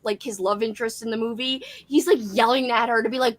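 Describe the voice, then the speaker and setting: A woman's voice: high-pitched, expressive, brisk, hardly any pauses. A young woman hosting a casual livestream chat, giggly and gushing. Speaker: livestream host.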